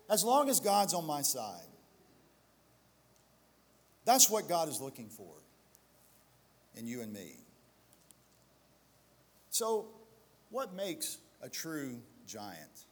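A man's voice: a little high, wildly swooping pitch, slow, long pauses, big-room sound. A male pastor preaching a sermon, building to emphatic exhortation and slipping into self-deprecating storytelling asides.

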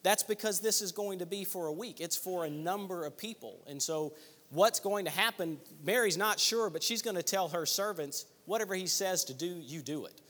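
A man's voice: sits high, moderate pace, fairly bright tone, big-room sound. A man leading a Bible study group, teaching conversationally and thinking aloud with small restarts.

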